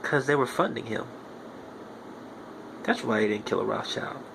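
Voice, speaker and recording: Over background noise, a young podcast host rants profanely at a moderate pace, his mid-range voice creaky. He keeps repeating himself to press each point home in a heated monologue.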